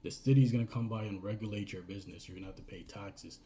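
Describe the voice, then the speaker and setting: A man's voice: lowish voice, fairly even intonation, quick pace, warm tone, a little hiss or hum. A man giving casual business advice in a rambling way, often tagging his points with "right?" and "you know." He. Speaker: business coach.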